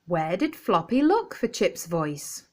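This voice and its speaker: A woman reads a children's picture book aloud, clearly and expressively for young children. Her pitch swings up and down with a lively lilt. She reads at an unhurried, slow pace. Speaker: storyteller.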